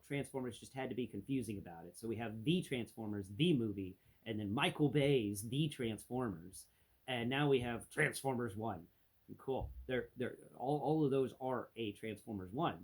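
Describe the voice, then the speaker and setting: A man's voice: mid-range voice, moderate pace, a little mellow. A man vlogging a casual, exasperated review, ranting with lots of restarts. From United States.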